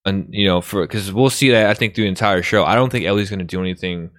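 A young man co-hosting a casual podcast chat, animated and laughing often as he goes off on tangents. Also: low-pitched, fast talker, dry recording, clean studio sound. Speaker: podcast co-host.

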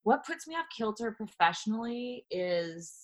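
A woman in her forties, an actress telling candid stories in conversation, animated, with frequent restarts. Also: on the high side, normal speed. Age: 40s. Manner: animated, restarts often, acts out quoted people. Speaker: actress guest.

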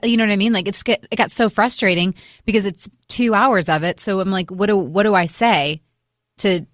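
A woman's voice: medium pitch, a little fast, dry recording, clean studio sound. A woman hosting a casual chat, asking chatty questions about her own parenting struggles. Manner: chatty, asks questions, a bit exasperated. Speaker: host.

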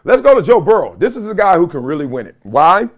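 A middle-aged man hosts his own sports podcast and talks in a loose, slangy way, often laughing mid-thought. His pitch swings a lot from line to line, and his voice sits somewhat high for a man. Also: quick pace. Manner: animated, slangy, laughs often, mimics others in quotes. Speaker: podcast host. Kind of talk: casual sports commentary.

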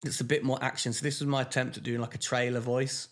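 Speaking fast in a mid-range, fairly bright voice with little pitch movement, this man co-hosts a podcast. The talk is casual, peppered with fillers and false starts.

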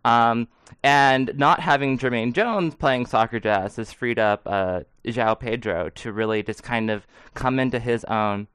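A man's voice: mid-range voice, a little slow, a bit bright, smooth, dry recording. A man co-hosting a sports podcast, chatting casually, rambling and joking with frequent laughs. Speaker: podcast co-host.

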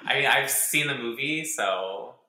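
Bright-voiced man on an echoey video call. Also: medium pitch. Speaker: podcast guest. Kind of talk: casual video-call chat.

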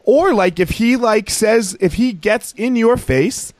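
A man hosting a casual podcast and telling an animated story about his kids. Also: sits high, takes it slowly, dry recording. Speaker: podcast host.

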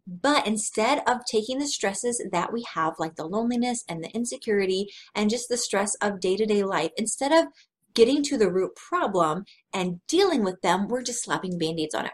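Woman, 30s, devotional speaker; earnest, conversational, slow and deliberate delivery. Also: medium pitch, expressive. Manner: tells personal stories with frank honesty. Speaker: Christian speaker. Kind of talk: devotional teaching talk.

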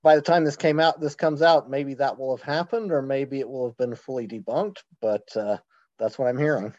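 A man chatting casually as a podcast guest, wry and talkative with quick asides. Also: medium pitch, a little mellow, no echo. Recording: slightly dull lo-fi mic.

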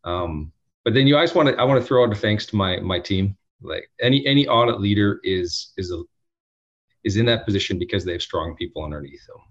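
A man, an audit executive, answering interview questions in an earnest, emphatic way with many restarts and a husky voice. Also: fairly low pitch, animated, fairly quick. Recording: dull lo-fi sound.

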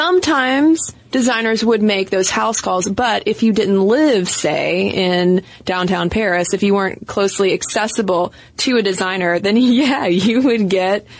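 A woman co-hosting a casual history podcast, playful and quick to laugh, sometimes singing out quotes. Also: mid-range voice, dry recording. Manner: playful, laughs often, breaks into sung quotes. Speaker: podcast co-host. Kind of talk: casual conversational history chat.

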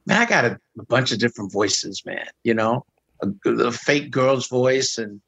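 A man's voice: medium pitch, moderate pace, vocal fry, husky, dry recording, highs cut off. A middle-aged man telling jokey stories as a guest in a casual chat, swearing freely. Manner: animated, profane, jokey storyteller.

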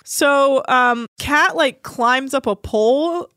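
A woman's voice: sits high, slow pace, fairly bright tone, dry recording, studio quality. A woman casually recapping a TV show with a co-host, laughing often and acting out quotes in playful voices. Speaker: podcast co-host.

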